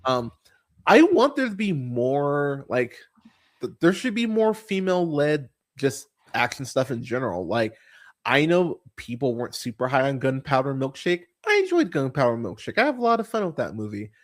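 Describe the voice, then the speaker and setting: A man's voice: medium pitch, big pitch swings, moderate pace. A young man hosting a podcast, chatting casually and profanely about bad movies, rambling with many fillers and laughing as he goes. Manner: rambling, profane, laughing often, swooping into mocking voices. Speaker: podcast host. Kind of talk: casual movie review chat.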